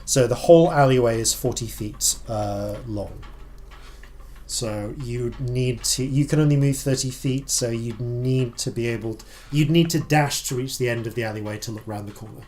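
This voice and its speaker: A man's voice: mid-range voice, normal speed, darkish tone. A man narrating as dungeon master, explaining rules and scenes with many fillers and restarts. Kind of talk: narrating a tabletop game.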